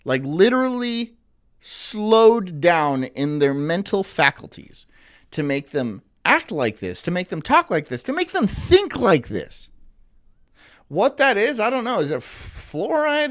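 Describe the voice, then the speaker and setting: A man's voice: high-pitched, sing-song, unhurried, a bit bright. A man commenting on video clips during a live stream in a crude, mocking, rambling way.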